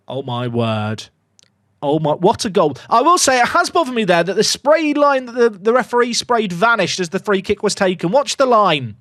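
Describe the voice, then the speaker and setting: A man narrates his football game with big swings in pitch, jumping from low mutters up to loud cheers. His voice sits high and lively. The sound is close and dry, with no room around it. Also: no echo. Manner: excitable, jokey, reacts loudly to goals. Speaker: gaming YouTuber. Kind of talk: excited game commentary.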